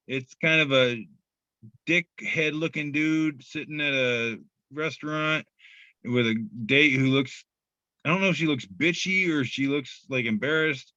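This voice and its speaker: A man co-hosting a laid-back podcast, swearing freely and cracking up at his own punchlines. His voice is very bright and forward. It sits close and dry on a muffled, lo-fi recording. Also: fairly high pitch, a little slow, dry recording. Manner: loose and profane, laughs easily. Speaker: podcast co-host. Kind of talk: casual chat reading memes aloud.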